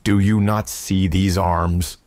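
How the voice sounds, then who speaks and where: A man voicing a boastful, muscle-bound male wizard leader who makes booming proclamations. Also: flat delivery, slow pace, a little mellow, no echo. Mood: indignant.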